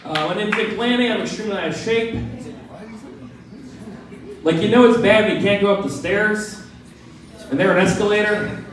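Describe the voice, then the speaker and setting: A man's voice: high-pitched, moderate pace, long pauses, far from the mic, noisy background. Self-deprecating man doing stand-up. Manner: self-deprecating, easygoing delivery. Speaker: stand-up comic. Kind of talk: stand-up comedy set. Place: small comedy club stage. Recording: echoey room miked from afar.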